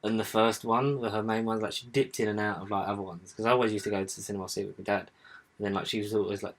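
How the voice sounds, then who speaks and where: Low-voiced man chatting loosely. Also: little pitch movement, racing. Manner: rambling, swears freely, lots of "like". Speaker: podcast co-host. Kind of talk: casual chat.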